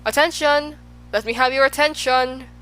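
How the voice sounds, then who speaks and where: A woman's voice: mid-range voice, moderate pace, fairly bright tone, natural voice, rough recording. A woman voicing a grand but gloomy king in an audiobook, who gives royal commands and sighs over his troubles. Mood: commanding. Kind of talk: audiobook character voice.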